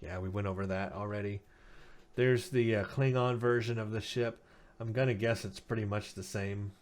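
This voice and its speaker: A man with a lowish voice hosts a casual gaming news update. He sounds tired and worn from a long session, as if his voice is going. He talks loosely with frequent ums and uhs while reading out lists of stats. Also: steady tone, moderate pace. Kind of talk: casual game news commentary.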